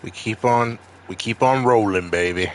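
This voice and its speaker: While streaming a video game, a man with a Maine accent chats casually with viewers in a rambling style, swearing freely. He speaks at a moderate pace in a fairly low, fairly bright voice, with slight background noise.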